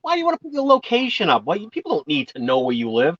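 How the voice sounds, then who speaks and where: A man's voice: fairly high pitch, huge pitch swings, fast talker, fairly bright tone, no room sound, lo-fi sound. A man chatting as a guest on an online video call, joking around and rambling with restarts. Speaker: guest YouTuber. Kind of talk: casual online chat.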